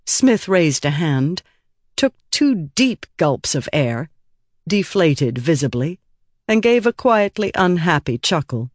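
A man narrating an audiobook in a measured, even storytelling manner. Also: fairly high pitch, no room sound, clean studio sound. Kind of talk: scripted narration.

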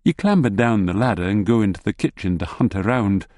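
A man's voice: on the low side, lively intonation, fairly quick, darkish tone, no room sound. A man narrating an audiobook in the second person with a wry, dry humour.

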